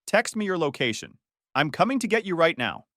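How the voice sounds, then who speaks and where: A man's voice: a little high, a little fast, no echo, studio quality, voice pushed up. A man voicing a firm, protective uncle who works as a construction foreman. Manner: firm, cold and calm.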